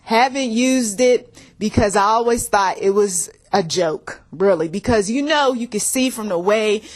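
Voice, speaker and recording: A woman's voice: medium pitch, unhurried. A woman hosting a faith-based talk about relationships, chatting casually, laughing often and acting out both sides of arguments. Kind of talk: casual spoken commentary with acted quotes.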